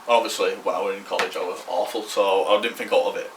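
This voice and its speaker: A man's voice: low voice, steady tone, fast talker, roomy sound, recorded from a distance, slight background noise. A man, telling a rambling story on a podcast, slangy and swearing freely. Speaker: podcast co-host. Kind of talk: casual storytelling.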